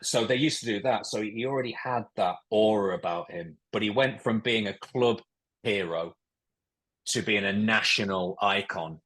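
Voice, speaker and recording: A man's voice: lowish voice, moderate pace, a bit bright. A man from England, a former footballer guesting on a podcast, telling rambling anecdotes in casual chat.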